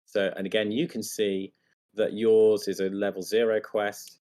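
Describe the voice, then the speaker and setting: A man's voice: fairly low pitch, little pitch movement, a little slow, warm tone. A man demonstrating a tabletop board game, thinking aloud as he picks his gear and explains the rules to the other players.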